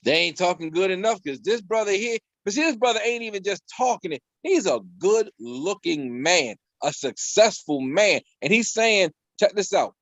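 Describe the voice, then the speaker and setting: A man co-hosting a casual panel debate over a video call, animated and joking, swearing freely and repeating himself. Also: sits high, normal speed, hardly any pauses, no room sound. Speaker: talk show co-host. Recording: dull lo-fi video call audio.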